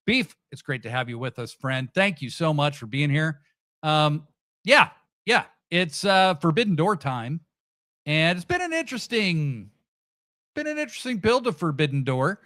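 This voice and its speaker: A man's voice: a little high, big pitch swings, normal speed, pushed and bright, no echo, clean studio sound. A middle-aged man hosting a podcast, chatting casually and sarcastically with many fillers and restarts. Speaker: podcast host. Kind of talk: casual livestream chat, reading chat comments.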